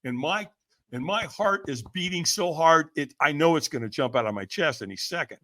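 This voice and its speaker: On the high side and bright, his voice carries a forceful tone and plenty of expression at normal speed. He's a guest on a podcast, energetically telling a story in which he acts out quoted people, laughs a lot and keeps saying "man" and "right?".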